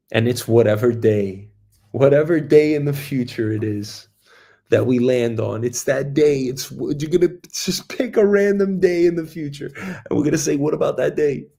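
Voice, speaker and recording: A man in his thirties hosts his own show in a loose, rambling monologue. His voice sits in a middle pitch with a gravelly, fry-heavy edge. He jokes, swears, and breaks into sudden loud bursts. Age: 30s. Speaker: host. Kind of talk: casual solo monologue.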